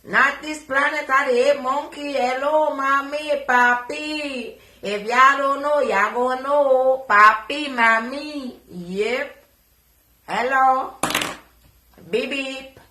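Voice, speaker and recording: A shrill, boastful woman, as a Jamaican woman puts her on jeers in a bright, sing-song voice that sits higher than her own. Her Jamaican accent stays strong, and the sound rings in an echoey room. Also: takes it slowly, exaggerated voice. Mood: jeering.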